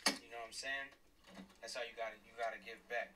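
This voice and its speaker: Driving and livestreaming, a middle-aged ex-cop and father delivers a heated, blunt rant, cursing and repeating points for emphasis. He talks fast in a mid-range voice with a steady, sharp tone. The low-quality recording comes from a distant mic with a little hiss or hum.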